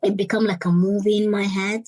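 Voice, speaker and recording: A young adult woman guest sharing a personal story in an interview, earnest and halting, often repeating words as she searches for them. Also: mid-range voice, flat delivery, a little mellow, no echo, rough recording. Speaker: interview guest, life coach. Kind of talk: personal testimony in conversation.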